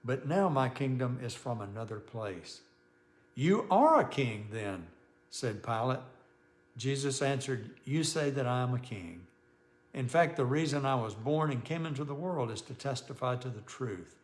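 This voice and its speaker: A man, a pastor, leading a relaxed Bible study, talking conversationally, often restarting sentences and chuckling as he reads scripture aloud. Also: medium pitch, normal speed. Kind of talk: informal Bible study teaching.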